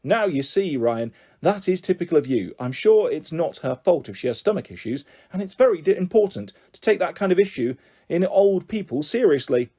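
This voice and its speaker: Brief: man reading a fussing storybook mum, lively and mellow-toned. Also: on the high side, a little fast, breathy edge. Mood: exasperated. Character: exasperated mum, adult woman, chatty. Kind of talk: audiobook character voice.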